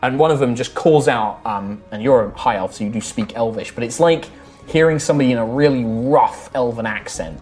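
A man's voice: medium pitch, fairly quick, darkish tone. A man narrating as game master for a tabletop game, describing scenes in a loose, rambling way with many fillers and restarts.

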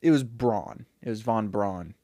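A man's voice: on the low side, a little slow, mellow, no echo, clean studio sound. Rambling, chatty man in a casual podcast. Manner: rambling, chatty, full of fillers and self-corrections. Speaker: podcast co-host retelling a made-up movie. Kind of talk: casual storytelling chat.

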